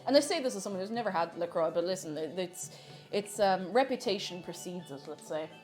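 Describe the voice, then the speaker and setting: A woman's voice: fairly low pitch, animated, fairly quick, darkish tone, faint music behind. A woman chatting casually while baking live in her kitchen, laughing often and reading out chat messages.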